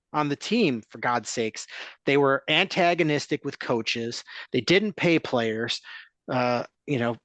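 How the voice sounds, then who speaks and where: A man's voice: fairly high pitch, fairly bright tone, no room sound. A man hosting a casual sports podcast, ranting as he stacks up complaints.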